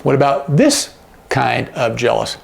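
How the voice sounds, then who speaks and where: A man's voice: medium pitch, expressive, measured pace, creaky, a little hiss or hum. A man teaching sign language in a casual, demonstrative way, often checking in with "okay?" as he explains. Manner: demonstrative, asks frequent check-in questions.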